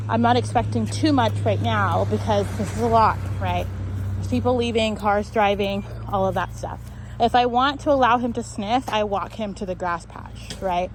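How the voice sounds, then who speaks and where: A woman's voice: mid-range voice, background noise. A woman dog trainer explaining a walk outdoors on a neighborhood street, often checking in with "right?".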